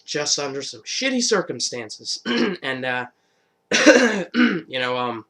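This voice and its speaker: A man's voice: fairly high pitch, big pitch swings, takes it slowly, sharp tone. A man giving a casual, rambling recap of a TV episode, full of swearing and fillers. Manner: rambling, profane, lots of fillers. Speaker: vlogger.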